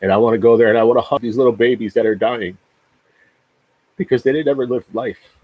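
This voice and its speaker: In his forties, a man hosts a casual livestream chat, ranting emphatically and profanely and often repeating words. His mid-range voice comes quickly, and the recording is dry and muffled.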